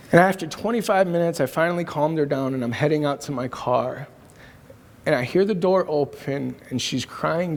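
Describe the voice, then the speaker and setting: A man's voice: fairly high pitch, normal speed, gravelly. Earnest man preaching in reverberant hall. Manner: storytelling, earnest and emphatic. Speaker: pastor. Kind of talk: sermon. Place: church auditorium.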